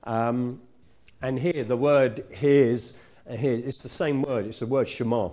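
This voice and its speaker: Mellow-voiced man preaching conversationally. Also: mid-range voice, steady tone, unhurried. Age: middle-aged. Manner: conversational, self-correcting, warm teaching tone. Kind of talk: sermon. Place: church.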